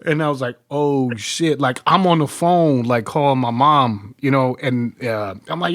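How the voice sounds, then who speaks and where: A man's voice: a little high, animated, measured pace, hardly any pauses, fairly bright tone, no room sound, clean studio sound. A man hosting a podcast, telling a rowdy story in casual, profane chat and laughing through it. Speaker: podcast host.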